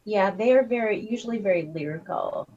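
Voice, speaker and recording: Husky woman chatting on a lo-fi stream. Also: medium pitch, fairly quick, darkish tone. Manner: rambling, giggly, riffing on ideas. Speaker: co-host. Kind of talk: casual livestream chat. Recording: dull lo-fi stream audio.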